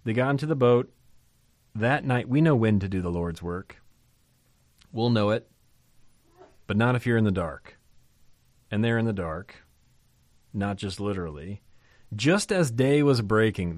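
A man preaching a sermon on a Bible passage, animated and emphatic, repeating key phrases for weight. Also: fairly low pitch, no room sound. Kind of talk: sermon teaching on a Bible text.

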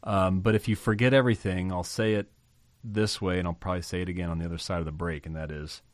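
A man's voice: low-pitched, steady tone, fast, dry recording. A man hosting a podcast, teaching through a Bible passage by reading verses aloud and explaining them phrase by phrase, repeating key terms for emphasis. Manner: reads scripture aloud, then unpacks it word by word.

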